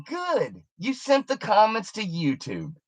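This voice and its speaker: A woman's voice: mid-range voice, wildly swooping pitch, slow pace, no echo. A woman delivering an angry, profane, confrontational rant on her video channel, taunting the person she is addressing. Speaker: YouTuber.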